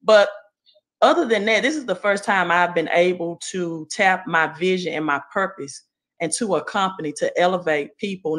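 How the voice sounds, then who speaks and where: A woman with a Southern accent giving an earnest, motivational testimonial on a group call, with many pauses and "right?"s. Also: lowish voice, a bit bright. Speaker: guest speaker.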